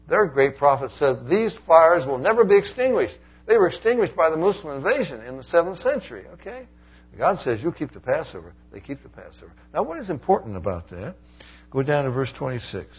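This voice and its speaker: Male preacher, husky voice, animated sermon delivery, dull lo-fi recording. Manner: animated, swings from loud emphasis to low asides.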